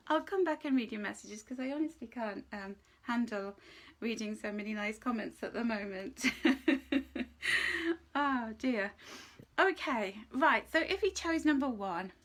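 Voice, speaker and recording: A woman with a voice on the high side gives a live angel card reading, gentle and reassuring. She gets emotional, laughs often, and sometimes drops into a soft whisper.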